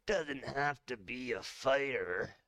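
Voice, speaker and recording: A man voicing a terse military general who speaks in curt, measured lines. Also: medium pitch, a bit bright, dry recording, pitched above the performer's own voice.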